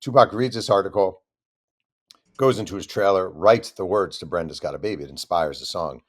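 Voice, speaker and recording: A man with a lowish voice tells a long story as an author guest on an interview show. He is animated and drops into the voices of the people he quotes. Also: fairly quick.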